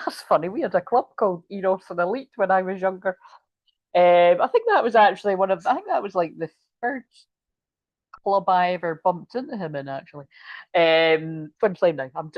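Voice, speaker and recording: A woman's voice: fairly low pitch, no echo, highs cut off. Rambling, giggly woman reading tarot. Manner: rambling, giggly, sweary, full of asides. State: tired. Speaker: tarot reader. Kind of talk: casual tarot reading chat.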